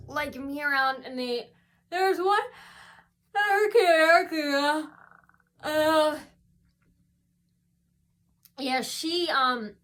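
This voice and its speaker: A woman's voice: high-pitched, sharp tone. A woman vlogger telling a story in a casual, rambling monologue, full of ums and restarts, recorded indoors at home.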